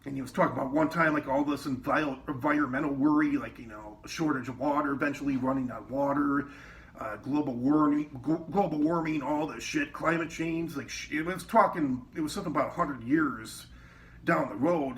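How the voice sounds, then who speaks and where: A man's voice: a little high, fairly quick, a bit bright. Rambling man telling kitchen stories. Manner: rambling, quotes people in raised voices, swears often. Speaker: former cook telling work stories. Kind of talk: casual storytelling. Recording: distant mic with faint background noise.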